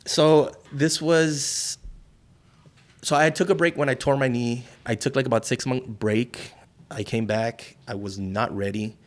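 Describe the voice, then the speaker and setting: A middle-aged man from South Texas sits as a guest and tells his stories loosely. He swears freely, shifts into the voices of the people he quotes, and keeps his everyday voice at a medium pitch. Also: unhurried. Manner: profane, animated, acts out quoted voices. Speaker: wrestler and guest. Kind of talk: casual storytelling interview.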